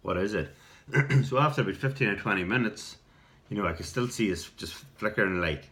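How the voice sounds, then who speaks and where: A middle-aged Irish man telling a rambling personal story in a casual vlog, repeating words and clearing his throat now and then. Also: lowish voice, lively intonation, fairly quick, a bit bright. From Ireland. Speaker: video response storyteller.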